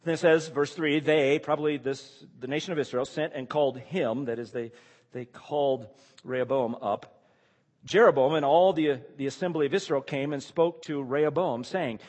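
A man's voice: on the high side, normal speed, darkish tone. A man preaching a sermon, reading scripture verses aloud and then stopping to ask the listeners pointed rhetorical questions. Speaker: pastor. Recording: long reverb of a large hall.

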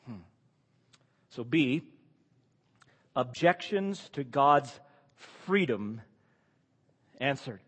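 A man's voice: mid-range voice, expressive, extremely slow, long pauses, husky, in a large hall. A man preaching an expository sermon, reading scripture aloud and then explaining it with emphatic rhetorical questions.

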